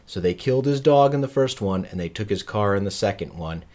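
Deep-voiced man rambling about films. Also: expressive, a little fast, a little mellow. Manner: rambling, jokey film chatter. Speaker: podcast co-host. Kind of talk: casual chat.

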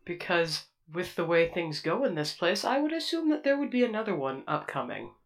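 A woman's voice: lowish voice, very animated, moderate pace. A woman voicing a polite female droid who speaks in a stiff, formal, precise way. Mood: matter-of-fact.

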